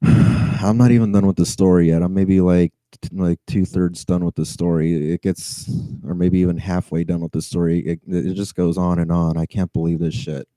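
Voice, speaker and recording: A man's voice: deep voice, level tone, moderate pace, mellow, dry recording, low-quality recording. A man who drives for a rideshare service, telling a story to camera in an agitated, stammering way, sighing and swearing, on edge.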